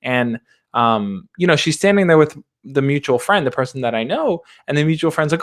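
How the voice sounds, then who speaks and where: A young man hosting a livestream, reading out viewer questions and answering them in a relaxed, reassuring way. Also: medium pitch, fairly quick. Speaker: dating advice host. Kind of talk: casual livestream chat.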